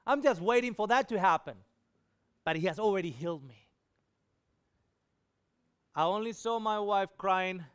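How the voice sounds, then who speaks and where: Impassioned high-voiced male preacher. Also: clean tone. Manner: emphatic, swells louder on key lines. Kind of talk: sermon testimony.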